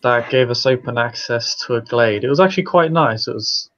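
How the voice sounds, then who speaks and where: A man voicing a formal male werewolf warrior who speaks politely and haltingly, with many pauses. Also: mid-range voice, fairly bright tone, muffled recording, close to an everyday voice. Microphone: video call.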